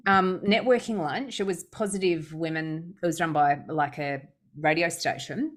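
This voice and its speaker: A woman hosting a podcast, telling a personal story in a casual, animated way with lots of restarts. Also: deep voice, normal speed. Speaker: podcast host.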